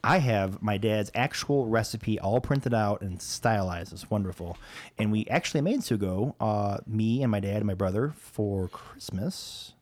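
Tipsy guest dude, jokey banter, kinda low voice. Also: male voice, darkish tone. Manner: bantering, quick jokes, easy laughs. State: a bit tipsy. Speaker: podcast guest. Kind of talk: casual chat among friends.

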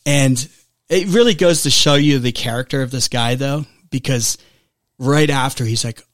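A man's voice: mid-range voice, normal speed, no room sound. A man talking casually as a podcast co-host, his mid-range voice recorded close and dry. He rambles, circles back and restarts his sentences, leaning on fillers as he thinks aloud. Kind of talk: casual chat.

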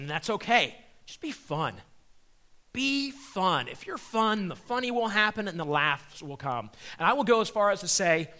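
Animated, bright-voiced middle-aged man. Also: high-pitched, moderate pace. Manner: animated storyteller acting out voices. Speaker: comedian and magician speaker. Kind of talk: comedic Christian talk.

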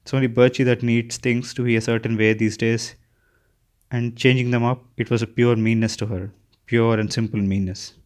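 A man voicing a stern elderly woman who talks with brisk, hard-edged reproach. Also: medium pitch, little pitch movement, a little mellow, lightly acted. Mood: scolding.

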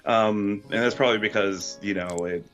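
A man with a very deep voice talks as a guest on a podcast, hesitant and full of ums and you-knows. He sounds relaxed and chatty, and faint music plays underneath. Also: moderate pace. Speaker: guest critic. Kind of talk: casual podcast chat.

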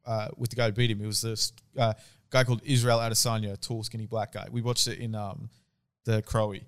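A man's voice: on the low side, flat delivery, brisk, smooth. Profane young man chatting. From Australia. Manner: profane, laid-back storytelling. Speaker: podcast co-host. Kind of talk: casual chat.

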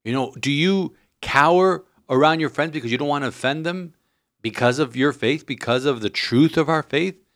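A man's voice: a little high, normal speed, a bit bright, no room sound, clean studio sound. A man, a Catholic priest, giving an earnest homily with many "you know" fillers.

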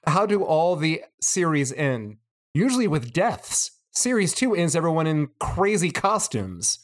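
A man's voice: on the high side, sing-song, a little slow. Analytical man podcast co-host. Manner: thoughtful, analytical. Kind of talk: casual chat.

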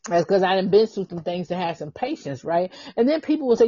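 Fervent woman pastor preaching, mellow voice. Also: mid-range voice, lively intonation, a little fast, hardly any pauses, lo-fi sound. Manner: fervent preaching with repeated exclamations and tongues; laughs at herself, talks to listeners directly. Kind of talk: podcast sermon.

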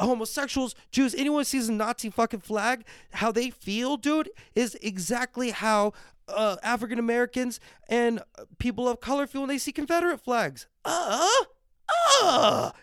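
Swearing ranting man, smooth dry voice. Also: very high voice, fairly bright tone, no room sound. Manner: swears constantly, ranting and riled up; drinks on air and reads viewer comments. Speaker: podcast host. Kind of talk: profane livestream rant. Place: at home.

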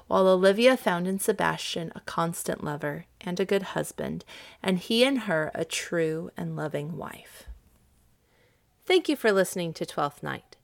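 Lively gravelly woman narrating a storybook. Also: fairly low pitch, normal speed. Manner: expressive, acts out the characters' lines.

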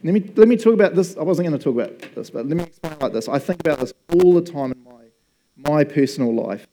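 A male pastor preaching a sermon in a casual, joking, animated way. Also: fairly high pitch, fast talker.

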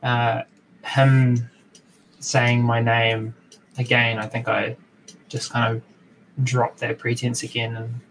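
Male player, unhurried and hesitant, faint background hiss. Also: medium pitch, monotone, a bit bright, rough recording. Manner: laid-back, hesitant. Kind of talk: tabletop game chat.

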